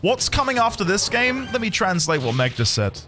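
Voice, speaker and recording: A man's voice: high-pitched, very animated, a little fast, music in the background. A man streaming gameplay, casual and self-mocking, joking with his viewers.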